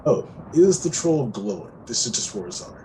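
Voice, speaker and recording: A man's voice: mid-range voice, very animated, moderate pace, noisy background. A man playing a tabletop game, chatting and laughing as he describes his character's turn. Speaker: player. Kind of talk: casual tabletop play.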